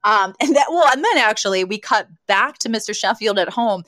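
A woman's voice: mid-range voice, lively intonation, a little fast, fairly bright tone, no echo. A woman co-hosting a podcast, chatting casually about a sitcom episode, acting out quoted lines and laughing often. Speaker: podcast co-host. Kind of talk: casual chat recapping a sitcom.

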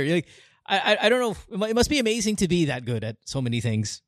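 A man's voice: a little high, expressive, quick pace, no room sound, clean studio sound. A man hosting a podcast, talking in an earnest, rambling way with many restarts. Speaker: podcast host. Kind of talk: casual heartfelt conversation.

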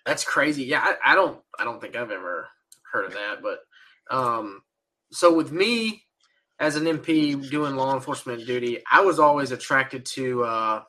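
A man co-hosting a podcast in casual chat, laid-back and quick to laugh. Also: medium pitch, expressive, sharp tone. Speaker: podcast co-host.

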